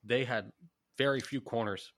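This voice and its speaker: A man co-hosting a sports podcast, giving quick opinions in casual chat with frequent restarts. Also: medium pitch, fairly bright tone. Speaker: podcast co-host.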